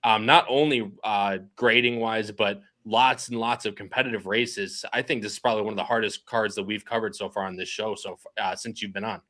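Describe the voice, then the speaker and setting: A man hosting a casual racing podcast, chatty and quick to laugh as he reads out the live chat. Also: lowish voice, fairly even intonation, a bit bright. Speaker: podcast host.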